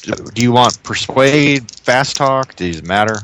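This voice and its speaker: Lively man playing a tabletop game. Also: mid-range voice, unhurried, a little hiss or hum. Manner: playful, self-correcting. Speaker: player.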